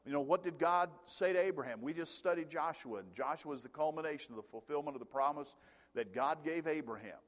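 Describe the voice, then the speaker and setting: A man's voice: on the high side, quick pace. A man preaching a sermon as pastor of a large church, talking conversationally with asides and fillers. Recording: long reverb of a large hall.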